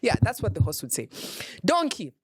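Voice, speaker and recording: With a husky, mid-range voice whose pitch swoops wildly, a young Kenyan woman hosts a comedy show at a moderate pace. Her monologue is playful and teasing, with lots of laughter and some Swahili, in studio-quality audio with no room sound.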